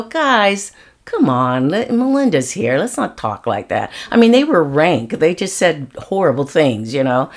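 A middle-aged woman being interviewed, recounting her working life in an earnest, reflective way with frequent restarts. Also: low voice. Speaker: interview guest. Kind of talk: candid personal storytelling.

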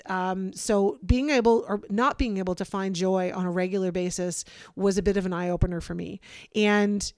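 A woman hosts a solo podcast, talking candidly and unfiltered in a conversational style full of fillers. Her mid-range voice is smooth and a little mellow, captured with clean, echo-free studio sound.

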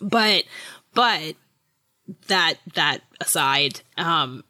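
Young adult, podcast co-host, bright tone, dry close mic, chatty. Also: mid-range voice, lively intonation, extremely slow, no room sound. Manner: chatty, with fillers and laughter. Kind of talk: casual chat.

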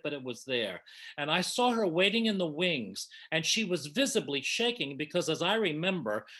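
Older man, bright emotional storytelling voice. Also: fairly high pitch. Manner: warm, emotional, effusive reminiscing. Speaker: panel guest reminiscing. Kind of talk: casual storytelling.

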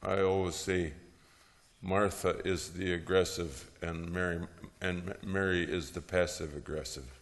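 Gravelly slow-speaking man lecturing. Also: low voice, in a large hall. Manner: lively storytelling, frequent "huh?" tags and chuckles. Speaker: teacher of preaching. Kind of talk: lecture on preaching with Bible stories.

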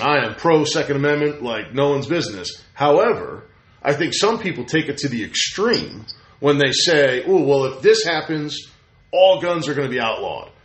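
A man chatting casually as a podcast host, telling stories with lively acted-out quotes. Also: a little high. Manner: animated storyteller, acts out quotes. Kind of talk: casual chat. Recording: roomy echo.

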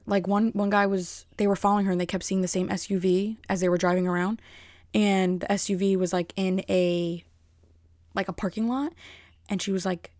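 A young woman telling stories in a rambling, animated vlog style, with frequent fillers. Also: mid-range voice, dry recording, clean studio sound. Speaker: vlogger. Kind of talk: casual storytelling.

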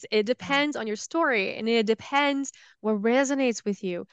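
A woman's voice: a little high, normal speed, clear, resonant tone, no room sound. A woman leading a support group talks in casual conversation, earnest and reassuring, sometimes trailing off and restarting her thoughts. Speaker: guest, support group leader.

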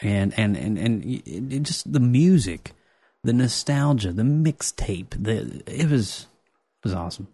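A man hosting a casual pop-culture podcast, talking excitedly with lots of restarts and jokes. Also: lowish voice, unhurried, breathy edge, no echo. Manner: excitable, joking, many restarts. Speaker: podcast host.

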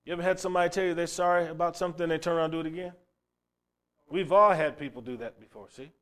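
A man preaching a sermon, swinging from loud calls down to quiet asides. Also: a little high, rapid-fire. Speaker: pastor.

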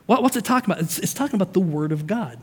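High-voiced energetic pastor preaching. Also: male voice, racing, slightly rough. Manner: energetic, conversational preaching with asides and repetitions. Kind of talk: sermon. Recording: long hall reverb.

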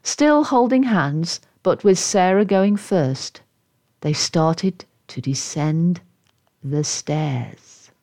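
A woman narrates a children's storybook slowly and expressively. Her pitch rises and falls a lot, and her tone is playful. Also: lively intonation, darkish tone. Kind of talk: storybook read-aloud narration.

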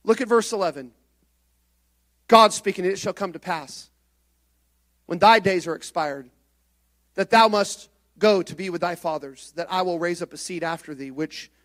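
High-voiced impassioned male preacher. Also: a little slow, long pauses. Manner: preaching with swings from soft, low passages to loud high-pitched exhortation. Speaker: pastor. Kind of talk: sermon.

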